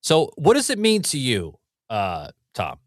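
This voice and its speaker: A man's voice: mid-range voice, huge pitch swings, a little slow, no room sound, studio quality. A man hosting a podcast, talking in a brash, teasing way and swearing casually. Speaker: podcast host. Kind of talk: casual chat.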